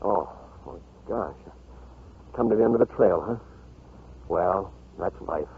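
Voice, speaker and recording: An actor playing a simple, good-natured rancher from Montana, cheerful and folksy, in 1940s radio-acting style on a dull lo-fi old broadcast. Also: male voice, sits low, unhurried, gravelly, breathy edge, full character voice. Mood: concerned.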